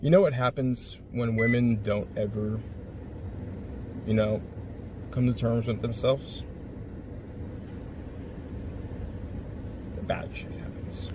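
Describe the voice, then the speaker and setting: A man's voice: medium pitch, fairly even intonation, measured pace, long pauses, noisy background. A man in a real-life confrontation, talking in an argumentative, insistent way.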